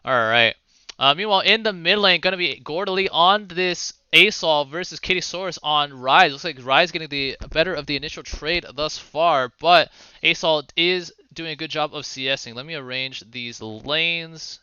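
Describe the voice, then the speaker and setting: High, bright-voiced male game caster. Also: clear, resonant tone, dry recording, dull audio. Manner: fast play-by-play with swearing and asides. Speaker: esports caster. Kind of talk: casual game commentary.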